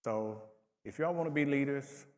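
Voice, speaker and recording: A man's voice: mid-range voice, moderate pace. Blunt man panelist in a hall. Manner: direct, blunt. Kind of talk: conference panel talk. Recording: reverberant conference hall.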